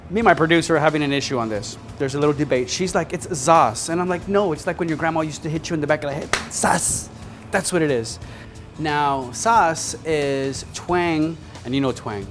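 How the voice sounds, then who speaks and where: A chatty man hosts a cooking show, keeping things upbeat and talking straight to the viewer. His voice sits a bit high for a man, with music playing clearly underneath. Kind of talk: casual cooking demonstration. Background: sizzling pan and background music.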